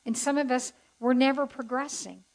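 A woman's voice: high-pitched, fairly even intonation, normal speed, low-quality recording. Folksy woman teaching the Bible. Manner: folksy, chatty and heartfelt, with asides to the audience. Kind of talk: testimony teaching to a group.

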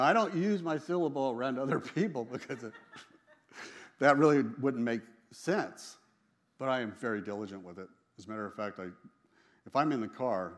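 Here a medium-pitched man shares how faith shaped his life, telling it casually as a story. Emphatic and quick to laugh, he frequently circles back and restarts his phrases.

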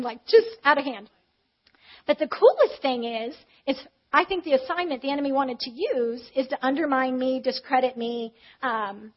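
High-voiced woman preaching conversationally. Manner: candid, animated retelling with acted quotes. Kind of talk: conversational sermon with storytelling. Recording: slightly dull, muffled audio.

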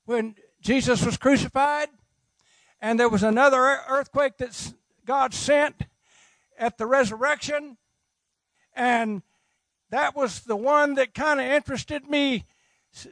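High-voiced gravelly preacher, dry sound. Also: male voice, no echo. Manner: humorous, animated preaching with rhetorical questions. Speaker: pastor. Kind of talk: sermon.

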